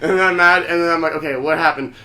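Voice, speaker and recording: Fast, bright-voiced young man rambling profanely. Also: a little high, fairly even intonation. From Oklahoma. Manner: rambling, profane, swears constantly. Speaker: podcast host. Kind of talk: casual storytelling chat.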